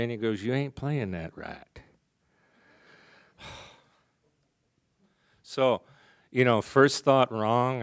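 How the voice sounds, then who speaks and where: Low, smooth-voiced man telling his story. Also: no echo. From American. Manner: humorous, confessional storytelling. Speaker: AA speaker. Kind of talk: storytelling recovery talk. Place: conference hall.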